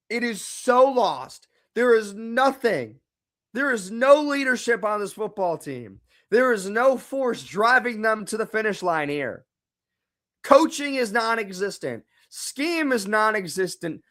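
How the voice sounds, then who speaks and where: A man's voice: high-pitched, very animated, a little slow, a bit bright. A young man hosting a live football reaction stream, exasperated and repeating himself, now and then swearing. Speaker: live game reaction host.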